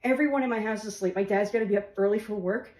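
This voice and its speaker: A woman's voice: medium pitch, rapid-fire, a little mellow. A woman casually telling a comic story, laughing through her words and swearing now and then. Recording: roomy echo with faint music.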